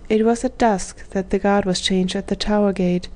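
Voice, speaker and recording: A woman reading a children's story aloud as scripted narration, giving the characters gentle voices. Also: medium pitch, fairly even intonation, normal speed. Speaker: audiobook narrator.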